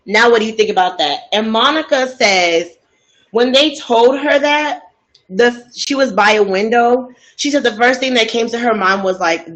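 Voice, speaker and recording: A woman host telling a story in a casual, gossipy way, chatty and expressive, asking many rhetorical questions. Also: a little high, moderate pace, rough recording.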